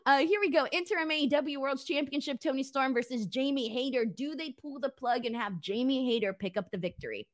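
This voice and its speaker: A woman co-hosting a casual wrestling podcast, playful and quick to laugh as she reads out viewer comments. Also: sits high. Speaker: podcast co-host.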